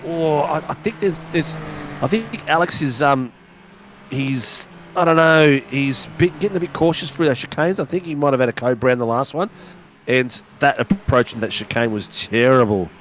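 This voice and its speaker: A man with a croaky voice, giving rambling, jokey live race commentary. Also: a little high, normal speed. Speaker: sim racing commentator. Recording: loud race car engine noise behind.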